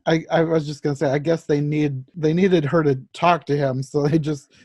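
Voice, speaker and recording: A man with a fairly high but mellow, dark voice hosts a casual podcast chat. He asks easygoing questions and laughs briefly. His sound is dry and close. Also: steady tone, normal speed, dry recording. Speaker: podcast host.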